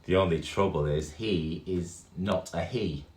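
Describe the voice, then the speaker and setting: An earnest little skeleton boy from a children's storybook, read by a man in a voice near his own. The pitch stays low and the pace unhurried. The room is echoey, with faint music behind. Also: darkish tone. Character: young male little skeleton.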